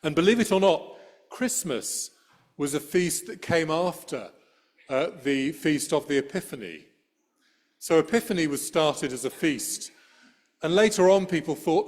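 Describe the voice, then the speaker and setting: A man's voice: fairly high pitch, animated, unhurried. Middle-aged male priest, sermon in a church, church microphone, storytelling tone, dry wit. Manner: conversational storytelling with dry humor.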